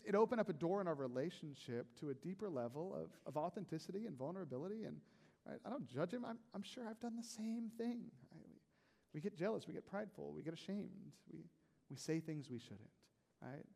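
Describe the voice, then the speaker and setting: A man preaching a sermon as a pastor, in a conversational, animated way with frequent "right?" asides. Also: a little high, vocal fry, in a large hall.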